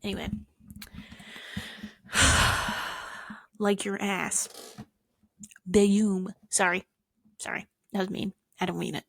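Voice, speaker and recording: A woman's voice: mid-range voice, little pitch movement, slow, gravelly, long pauses, pushed and bright, no room sound, clean studio sound. A young woman talking to camera in a casual, rambling monologue, swearing often and poking fun at herself. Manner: profane, rambling, self-mocking. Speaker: vlogger.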